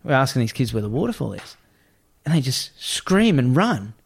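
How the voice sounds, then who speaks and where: A man telling a travel story in casual chat, animated, acting out the voices of the people in it and swearing freely. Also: medium pitch, normal speed, creaky, breathy edge.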